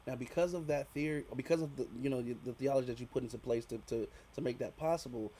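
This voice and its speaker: A man hosting a podcast, asking an actress questions in a halting way, often repeating words as he builds up the question. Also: mid-range voice, mellow, slight background noise. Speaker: podcast host. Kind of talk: casual interview questions.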